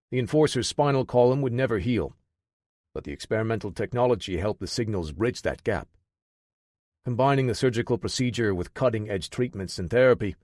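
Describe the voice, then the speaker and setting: A man narrating an audiobook thriller in a steady, measured way. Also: lowish voice, no echo, clean studio sound.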